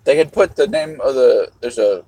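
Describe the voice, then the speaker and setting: A man's voice: mid-range voice, moderate pace, dark tone, no echo, rough recording. A middle-aged man vlogging in a casual livestream monologue, rambling and musing with a half-joking tone.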